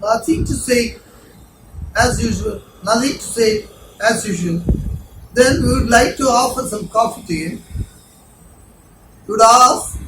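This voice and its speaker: A man with a Tamil accent teaches a spoken English lesson in a fairly high voice, repeating every phrase over and over. He sounds far from the mic in an echoey room with a noisy background. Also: measured pace, pauses often, fairly bright tone. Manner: repeats each phrase several times, drilling pronunciation.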